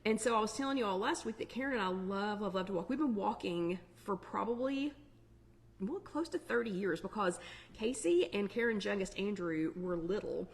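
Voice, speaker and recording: A woman's voice: medium pitch, animated, normal speed. Chatty woman hosting a live chat. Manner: chatty, upbeat, warm Southern-flavored asides with lots of fillers. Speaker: online weight-loss chat host. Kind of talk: casual live-stream chat.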